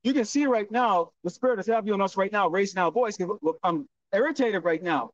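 A man preaching on the street in a loud, profane, scolding manner. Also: sits high, brisk. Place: outdoors, windy street corner. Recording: distant lo-fi outdoor recording.

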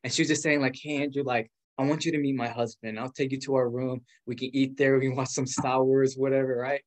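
A guest, a young man in his twenties, tells a casual story in a mid-pitched voice that's fast and animated. He's chatty, packs in "like" fillers, and acts out the voices he quotes.

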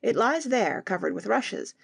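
A woman voicing an excitable teenage boy in an audiobook, exclaiming and lively. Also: a little high, measured pace, vocal fry, slightly rough, no room sound, clean studio sound, heavily acted. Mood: proud.

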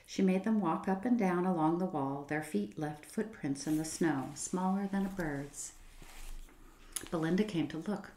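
A woman reading a children's book aloud as a storyteller, expressive and gently paced. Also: fairly low pitch, measured pace. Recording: roomy echo.

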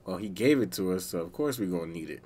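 A man's voice: deep voice, expressive, fast talker, warm tone, husky. A man hosting a gaming channel, commenting on gameplay in casual slang with a playful tone. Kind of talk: let's play commentary.

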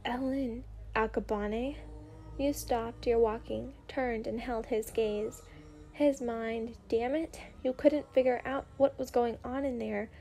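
A woman narrating a story in a gentle, unhurried ASMR reading. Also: fairly high pitch, fairly even intonation, vocal fry. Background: faint music.

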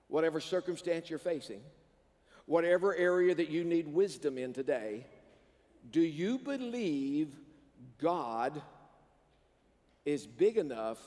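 A high-pitched male pastor preaches with animation and keeps calling on the congregation to answer back. His voice rings through a large sanctuary, trailing a long reverb. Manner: animated preaching with call-and-response prompts to the congregation. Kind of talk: sermon. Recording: long reverb of a church hall.

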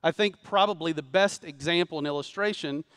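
Speaking fairly quickly in a clear, resonant tone, a pastor with a voice pitched high for a man preaches a sermon before a congregation in a church sanctuary. His delivery shifts between urgent, climbing calls for amens and quiet, hushed emphasis. There's no echo; the sound is close and dry.

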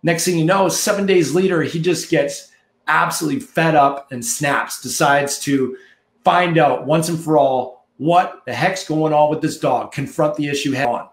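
A man's voice: fairly high pitch, normal speed, roomy sound. A man coaching listeners in a punchy, preachy motivational monologue, repeating phrases for emphasis. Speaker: marketing coach.

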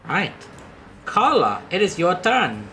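A woman's voice: lowish voice, sing-song, takes it slowly, a bit bright, a little hiss or hum. A woman running a tabletop game as game master, chatty and swearing casually. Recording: background music.

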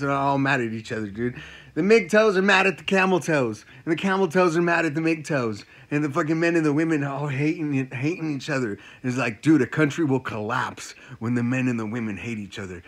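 Man, stand-up comedian, forceful punchy tone, fairly high voice, profane, repetitive. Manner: profane, repetitive, with big swings from loud outbursts to low mutters.

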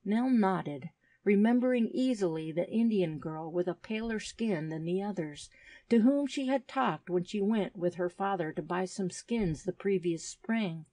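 A woman narrating a classic adventure story in an even, measured reading voice on a close mic. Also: mid-range voice, no echo. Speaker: audiobook narrator.

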